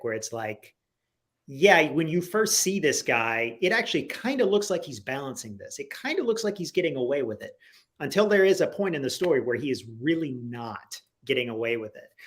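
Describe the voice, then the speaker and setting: A man as a guest in a casual interview, talking in an animated, rambling way full of "like"s, on a video call from home. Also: medium pitch. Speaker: guest comic writer.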